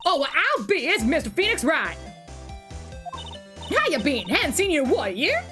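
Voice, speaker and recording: Woman putting on a loud southern gal photographer. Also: high-pitched, huge pitch swings, moderate pace, soft background music, pitched above the performer's own voice, full character voice. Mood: hollering. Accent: American Southern, put on. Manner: boisterous, folksy.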